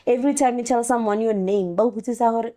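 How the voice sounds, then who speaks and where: A woman's voice: on the high side, fast talker. A woman from South Africa with a Pretoria township accent, chatting as a guest and telling stories as she code-switches. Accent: Pretoria township English. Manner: code-switching, animated storytelling. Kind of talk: casual interview chat.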